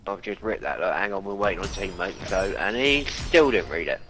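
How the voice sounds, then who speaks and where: A man's voice: sits low, animated, brisk, noisy background. A man chatting casually with teammates during a game, often repeating the others and calling them mate. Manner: echoes others' words, says mate. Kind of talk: casual gaming chat.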